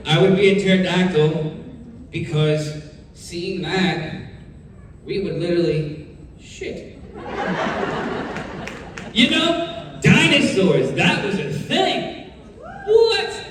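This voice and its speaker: Animated man joking in an echoey hall. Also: high voice. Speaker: actor answering fan questions on a convention panel. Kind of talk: convention panel Q&A. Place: large convention hall. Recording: echoey hall, distant mic, crowd and noise. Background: audience crowd.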